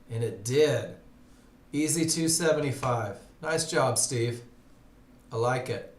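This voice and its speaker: A man teaching a live trading webinar in a relaxed, conversational way, often putting questions to his audience. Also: mid-range voice, slow, long pauses, echoey room. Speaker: trading instructor. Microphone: computer mic on a live webinar.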